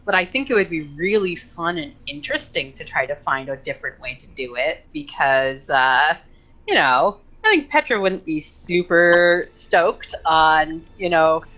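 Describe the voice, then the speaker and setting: A woman's voice: sits low, expressive, unhurried, fairly bright tone, lo-fi sound. A woman playing in a tabletop game, chatting casually with lots of fillers and giggles. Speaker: player. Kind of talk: casual chat.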